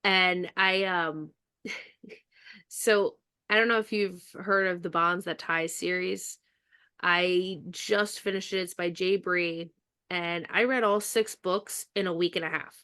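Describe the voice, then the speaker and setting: A woman author in a casual podcast conversation, bubbly and laughing often, with halting restarts. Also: lowish voice, fairly even intonation, pushed and bright, clear, resonant tone.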